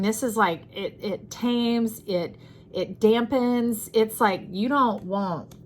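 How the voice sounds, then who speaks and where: A woman's voice: medium pitch, a little hiss or hum. A woman giving an intuitive tarot reading, speaking expressively and repeating phrases for emphasis. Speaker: tarot reader.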